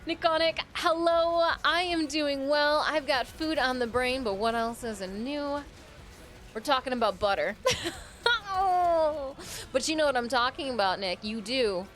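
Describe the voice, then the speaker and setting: Brief: bubbly woman game streamer, slightly high voice, faint music under the chatter. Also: lively intonation, moderate pace, fairly bright tone. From Michigan. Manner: chatty, playful, reads out chat names. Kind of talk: casual live-stream chat.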